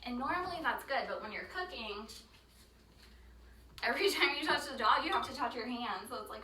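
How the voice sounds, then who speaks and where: A woman's voice: on the high side, lively intonation, a little fast, pauses often. A woman casually chatting while she cooks in her home kitchen, rambling with lots of ums. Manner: chatty, rambling, with many ums, baby talk to her dog. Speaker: home cook vlogger. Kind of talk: casual cooking vlog chat. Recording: roomy kitchen, mic some distance off, faint background noise.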